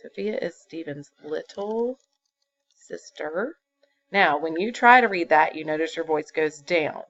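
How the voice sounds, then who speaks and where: A woman's low, fairly bright voice leads a fifth-grade grammar lesson, unhurried and patient as she explains each step with fillers. The classroom lesson comes through a dull lo-fi computer recording.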